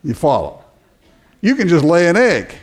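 Male pastor, sermon delivery, lively swinging pitch, stumbles and restarts, acts out quotes. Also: normal speed. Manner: animated preaching with stammered restarts and acted-out quotes.

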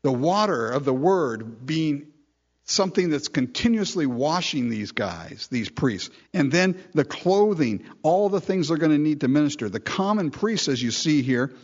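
A man's voice: fairly high pitch, expressive, normal speed, darkish tone, dull audio. A man preaching an earnest expository sermon, speaking directly to his listeners and reading scripture aloud. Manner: earnest, drawing listeners in with asides; reads scripture in King James wording. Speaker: pastor.

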